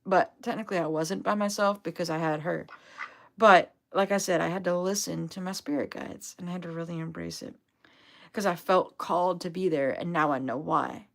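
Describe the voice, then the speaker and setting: A woman's voice: fairly low pitch, steady tone, normal speed, vocal fry. A young adult woman telling a rambling, upbeat story on a casual livestream, full of fillers. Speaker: vlogger, duck owner.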